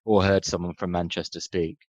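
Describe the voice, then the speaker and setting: A man co-hosting a casual film podcast, wry and quick to laugh, who drifts into tangents. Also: low voice, flat delivery, dry recording, lo-fi sound. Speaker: podcast co-host.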